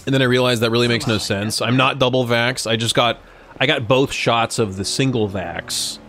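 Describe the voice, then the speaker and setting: A man's voice: mid-range voice, fairly even intonation, normal speed, a bit bright, faint music behind. A man live-streaming a game, chatting casually in a rambling, joking, profane way. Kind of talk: casual live-stream chat while gaming.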